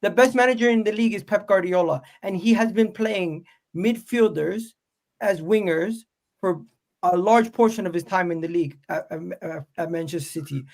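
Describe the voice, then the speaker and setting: A man's voice: high-pitched, normal speed, a little mellow. A man with a North American accent hosting a heated football debate, insistent and prone to stammering and repeating himself as he argues. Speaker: football podcast host.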